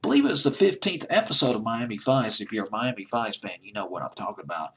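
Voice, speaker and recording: Male countdown host, low and husky, nostalgic rambling delivery with self-corrections. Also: sing-song, fast. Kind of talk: casual solo commentary.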